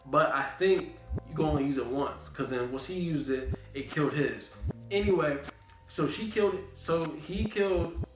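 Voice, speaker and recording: A young man recapping an anime in a casual, slangy, animated way, repeating catchphrases. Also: fairly high pitch, normal speed. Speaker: anime reviewer. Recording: roomy room, faint background music.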